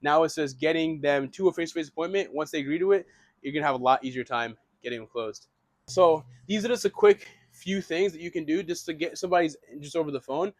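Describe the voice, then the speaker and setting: A young man giving a casual, energetic real estate lesson, restarting phrases and swearing now and then. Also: on the high side, fast talker, no room sound. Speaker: real estate wholesaling instructor.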